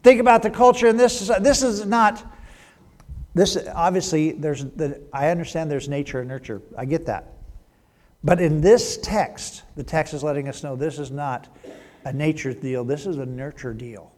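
A man's voice: a little high, normal speed, a little mellow. A middle-aged man, a pastor, delivering a sermon with emphatic swells and drops in volume. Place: church sanctuary. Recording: long hall reverb.

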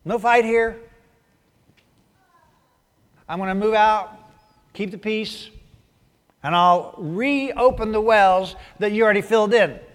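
A man's voice: sits high, slow pace, pauses often, smooth, pitched above the performer's own voice. Preacher man voicing a mild, peaceable patriarch. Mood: upbeat. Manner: mild and easygoing. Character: calm, peace-keeping biblical patriarch, male. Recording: long hall reverb.

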